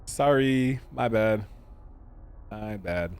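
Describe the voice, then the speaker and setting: A man streaming a game, reading its narration aloud slowly and deliberately and breaking off for casual, jokey asides to his chat. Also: on the low side, darkish tone, a little hiss or hum. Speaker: gaming streamer.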